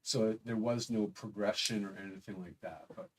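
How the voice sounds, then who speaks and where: Somber halting man, a bit off-mic. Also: fairly low pitch, fairly even intonation, far from the mic, a little hiss or hum. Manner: halting, somber, many pauses. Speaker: live-stream host. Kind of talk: live stream talk reading chat.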